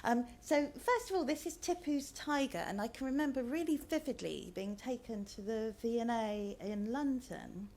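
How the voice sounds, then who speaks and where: A woman's voice: on the high side, animated, moderate pace, few pauses, darkish tone. A woman author giving a chatty talk with slides, hesitant and full of ums. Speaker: author, guest speaker.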